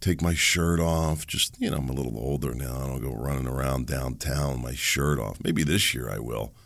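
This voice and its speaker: Gravelly-voiced middle-aged man ranting. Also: rumbling low, moderate pace, a bit bright, no echo. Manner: rambling, sarcastic ranting with chuckles. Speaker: podcast host. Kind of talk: solo podcast monologue.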